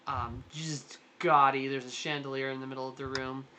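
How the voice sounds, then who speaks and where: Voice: mid-range voice, little pitch movement, moderate pace, sharp tone. A game master narrating a tabletop role-playing game in a rambling way, full of fillers and restarts. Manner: rambling, lots of likes and restarts.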